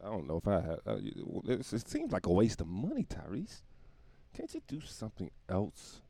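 A man's voice: on the low side, huge pitch swings, moderate pace, vocal fry, warm tone, dry recording. Guy riffing a cussy comedy monologue solo, voice jumps all over, dry close mic. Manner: rambling, profane, laughs at his own jokes.

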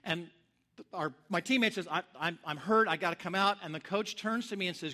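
A man delivers a sermon in a high, bright voice. He tells his stories with animated energy and acts out the lines of the people in them. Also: moderate pace. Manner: animated storyteller, acts out shouts and quotes. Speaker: pastor. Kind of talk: sermon with storytelling.

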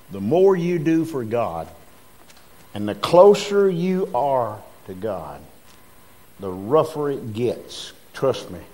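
A man's voice: medium pitch, a little mellow. A man preaching a sermon in a church, calling on the congregation to respond. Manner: emphatic, calls on the congregation to respond. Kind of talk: sermon with scripture reading.

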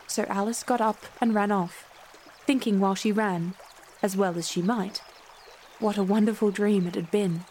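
A woman reading a classic storybook aloud at a steady, measured pace. Her voice sits at an ordinary middle pitch and stays clear throughout. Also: slight background noise. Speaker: storybook reader. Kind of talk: storybook narration.

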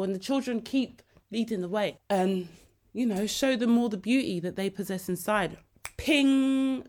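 A woman hosting her own podcast, telling stories in a lively, emotional way and laughing easily. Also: fairly high pitch. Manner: animated storytelling, laughs and gets emotional easily. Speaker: podcast host. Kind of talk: casual solo podcast chat.

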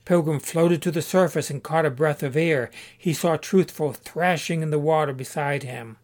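Reading a story aloud for an audiobook from a script, the man keeps his narration calm and steady, his pitch fairly high.

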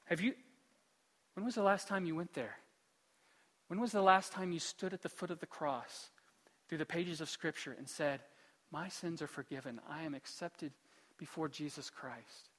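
A man preaching a sermon as pastor in a church, moving between quiet pleading and loud, lively storytelling. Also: a little high, moderate pace, pauses often, big-room sound. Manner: shifts from hushed pleading to loud, animated storytelling. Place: church sanctuary.

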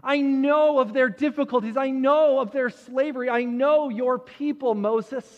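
A man acts out God, a solemn, all-knowing deity who speaks in slow, declaring promises. The voice sits very high for a man and rings out with a long hall reverb. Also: highs cut off. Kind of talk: sermon storytelling.

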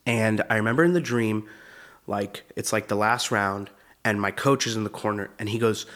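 A young man spins comic stories about his own life, talking loose and casual with plenty of slang. He breaks into laughter at his own tales, and his voice sits at an ordinary middle pitch for a man. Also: a little fast, fairly bright tone. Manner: casual, slangy, says "dude" often; laughs while telling stories. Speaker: comedian and show host. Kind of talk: comedic storytelling monologue.

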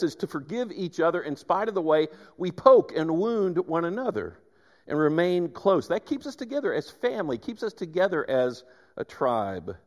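A man preaching a sermon, telling stories with animated emphasis and frequent restarts. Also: a little high, long reverb tail. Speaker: pastor.

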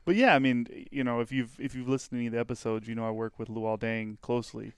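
Easygoing guest man, smooth dry voice. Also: mid-range voice, fairly even intonation, quick pace, dry recording. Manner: friendly, easygoing, chuckles often. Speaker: podcast guest. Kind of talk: casual chat.

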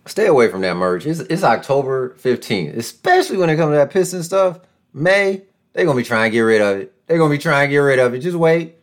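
A man hosting a casual podcast from a room at home, excitable and joking, with big swings in pitch and loudness. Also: brisk. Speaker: podcast host. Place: room at home with a door nearby.

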